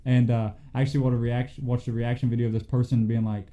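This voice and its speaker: Goofy young man with a very dark voice. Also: medium pitch, level tone, fast. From United States. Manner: rambling, goofy, laughs often. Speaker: podcast co-host. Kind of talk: casual chat.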